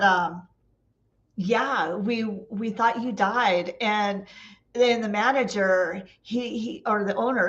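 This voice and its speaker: A woman's voice: medium pitch, a bit bright, muffled recording. Chatty woman telling funny stories. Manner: chatty, laughs often, acts out quoted dialogue. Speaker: vlogger. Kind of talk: casual storytelling.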